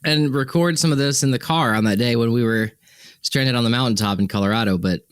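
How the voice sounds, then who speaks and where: A man's voice: medium pitch, fairly quick, no echo. A man from Wyoming co-hosting a podcast in casual chat, joking and poking fun at himself as he tells stories. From Wyoming, USA. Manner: joking, self-mocking storyteller. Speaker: podcast co-host.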